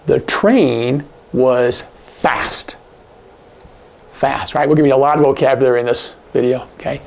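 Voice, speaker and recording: A man teaching sign language in a casual, animated way, acting out example lines with big jumps in his voice. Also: medium pitch, unhurried, vocal fry, a little hiss or hum. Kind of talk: casual instructional talk.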